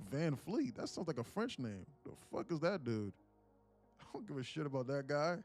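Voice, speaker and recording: A man's voice: on the high side, sing-song, moderate pace, darkish tone, faint music behind. A young man hosting a day-trading livestream, who chats casually, swears freely, rambles and often laughs. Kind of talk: casual live-stream chat.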